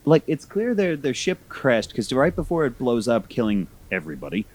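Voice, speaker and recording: A man's voice: medium pitch, moderate pace, a little hiss or hum. A man filling in as guest on a casual podcast, riffing with jokes and pop-culture comparisons. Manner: animated, jokey, mimics characters. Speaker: guest co-host. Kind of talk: casual review chat.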